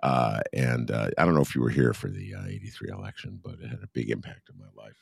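Very deep gravelly male interview host. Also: steady tone, quick pace, no echo, studio quality. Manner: laughs easily, many fillers and restarts. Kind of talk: conversational interview.

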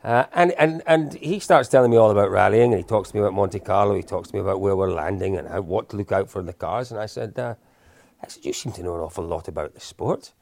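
A man in his fifties, a guest in an interview, telling anecdotes in a relaxed, self-deprecating way. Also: lowish voice, fast talker, gravelly, dry recording. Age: 50s. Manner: anecdotal, self-deprecating, with frequent restarts and chuckles. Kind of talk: casual storytelling in an interview.

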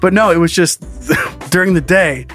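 A man's voice: sits high, a bit bright, faint music behind. A man co-hosting a comedy podcast, telling stories in casual, profane chat and laughing often. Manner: loose and profane, laughing often, quick bursts of story. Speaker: podcast co-host.

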